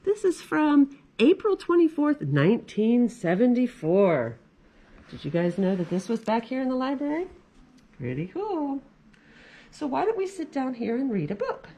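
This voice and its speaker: A woman's voice: high voice, sing-song, moderate pace, creaky, warm tone. A woman in her forties, a children's librarian, reading a picture book aloud in a library with chatty asides to kids. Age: 40s.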